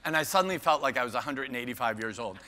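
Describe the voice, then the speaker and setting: A man's voice: medium pitch, lively intonation, racing, pushed and bright. An older man giving a keynote talk, playful and self-mocking, bantering with the audience by name. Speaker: keynote speaker. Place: large conference hall. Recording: long hall reverb.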